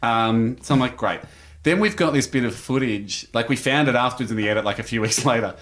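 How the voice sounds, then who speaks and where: A man's voice: medium pitch, fast talker, fairly bright tone. A man, a podcast guest telling a long story in casual chat and acting out the quotes as he goes. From Australia.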